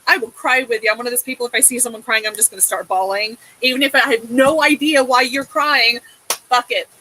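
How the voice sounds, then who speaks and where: A woman's voice: on the high side, steady tone, brisk, sharp tone, a little hiss or hum, low-quality recording. A woman giving a tarot reading in a casual, emotive way, swearing often and checking in with a soothing "okay?". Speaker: tarot reader.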